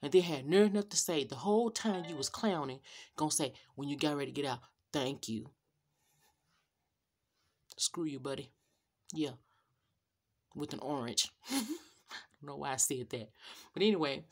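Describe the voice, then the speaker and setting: A middle-aged woman speaks straight to her viewers in a casual storytelling rant, animated and sassy. Her voice sits a little low for a woman. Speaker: rideshare driver vlogger.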